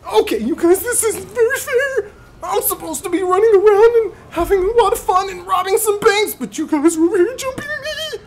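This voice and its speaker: A man voicing a shrill, whining female teacher character who complains in a high, strained voice. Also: lively intonation, fairly quick, a little hiss or hum.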